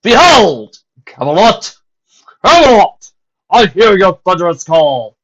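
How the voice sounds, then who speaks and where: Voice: medium pitch, sing-song, normal speed, slightly rough. A reader voicing a chaotic, jovial male creature, playful and theatrical in a fan story reading, on a dull lo-fi recording. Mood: grandiose. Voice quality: theatrical, grandiose.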